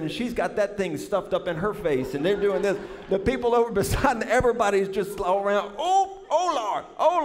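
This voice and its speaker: A man delivers a sermon in a large sanctuary, and his voice sits a touch high. He tells stories with animated, drawling emphasis and often calls out to the crowd. A long reverb trails behind his words. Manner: animated, drawling, addresses congregation as y'all. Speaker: pastor. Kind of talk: sermon with humorous storytelling.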